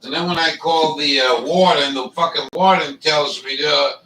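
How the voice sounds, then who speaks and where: A man's voice: on the high side, steady tone, normal speed, hardly any pauses, sharp tone, recorded from a distance, slight background noise, low-quality recording. A man hosting a casual chat, rambling and swearing a lot, with many fillers. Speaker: livestream host.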